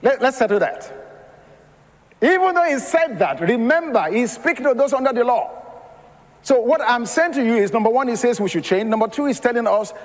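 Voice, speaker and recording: High-pitched preacher guy giving a sermon, tells stories and laughs a lot, long echo like a big hall. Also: lively intonation, a little fast. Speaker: pastor.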